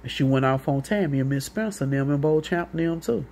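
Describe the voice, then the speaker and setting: A woman's voice: sits low, fast, mellow, a little hiss or hum. A woman with a St. telling a long, rambling, profane story in a casual monologue, acting out what other people said. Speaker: vlogger.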